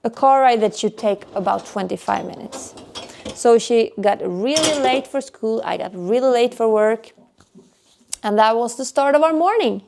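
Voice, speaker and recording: A woman's voice: fairly high pitch, animated, moderate pace, gravelly, a little mellow, a little hiss or hum. A woman vlogger and mother retelling a hard morning in casual, earnest storytelling. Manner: earnest, emotional retelling with sighs. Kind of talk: casual storytelling while cleaning.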